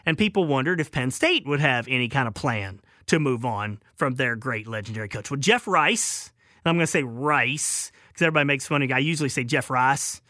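A man's voice: mid-range voice, lively intonation, a little fast, bright, forceful tone, dry recording, studio quality. A man with a Southern accent hosting a call-in sports radio show, telling rambling anecdotes with chuckles.

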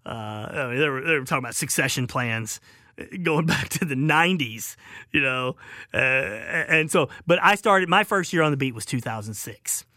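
Southern male radio host, bright and slightly high, rambling and chuckling, dry studio sound. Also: dry recording. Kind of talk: call-in radio storytelling.

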